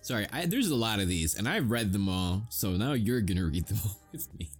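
A man's voice: on the low side, sing-song, a little fast, slightly rough, faint music behind. An American man who makes audio roleplays, chatting casually and rambling to his listeners, swearing and chuckling often.

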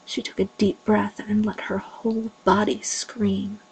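Woman narrator for erotic fiction: slow, gravelly, breathy, drifts into whispers. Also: mid-range voice, flat delivery, a little mellow, poor audio. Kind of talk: erotic story reading.

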